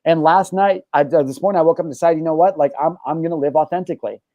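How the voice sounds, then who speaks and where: A man's voice: fairly high pitch, rapid-fire, no echo, lo-fi sound. A man hosting a podcast, talking candidly and emphatically, swearing often and restarting his sentences. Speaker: show host.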